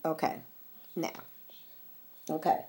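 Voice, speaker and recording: A woman's voice: takes it slowly, darkish tone. An American woman vlogger talking straight to her viewers, blunt and sassy, swearing freely. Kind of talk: casual straight-talk vlog.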